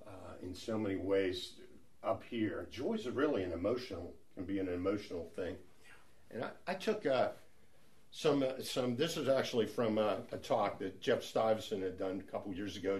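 Middle-aged guy leading bible study, lowish voice, chatty, lots of restarts and asides. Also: a little mellow. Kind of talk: conversational Bible teaching.

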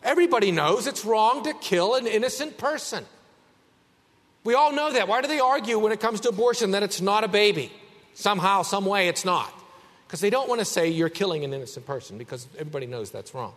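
A man preaching a sermon as pastor, emphatic, swinging between a raised voice and a hushed one. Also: high voice, brisk, long reverb tail.

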